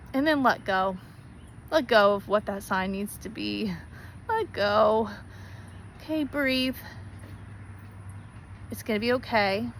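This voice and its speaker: A woman's voice: medium pitch, a little hiss or hum, poor audio. A woman speaking straight to her viewers in an earnest, pleading way, repeating herself for emphasis. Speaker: spiritual vlogger. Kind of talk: heartfelt direct-to-camera talk.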